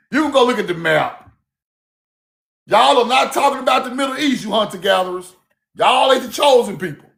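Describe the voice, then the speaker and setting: A man giving a casual, fiery online lecture, cussing freely, repeating himself and shouting key words. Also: very high-pitched, vocal fry. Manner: laughs at own points.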